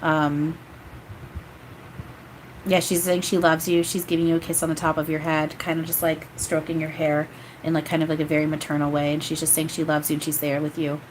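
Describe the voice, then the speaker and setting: A woman's voice: sits low, monotone, brisk, a little hiss or hum, rough recording. A woman doing a live-streamed spirit reading as a medium, rambling and hesitant with many fillers. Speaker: psychic medium.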